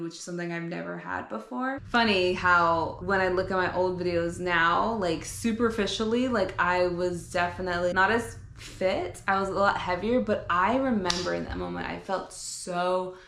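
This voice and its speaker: A young woman, a fitness vlogger and coach, reflects candidly and earnestly on her journey in a casual personal vlog, using frequent fillers and some swearing. Her voice is fairly low, gravelly, and a bit bright, with a steady tone, normal speed, hardly any pauses, and a roomy sound.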